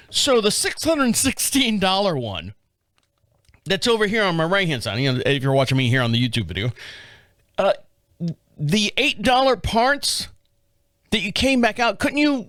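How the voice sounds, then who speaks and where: A man's voice: high-pitched, a bit bright, no echo, studio quality. A man, hosting his own show, telling a rambling story and acting out both sides of a phone call. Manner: chatty, acts out both sides of phone calls in rambling asides. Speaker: podcast host. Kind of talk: casual storytelling monologue.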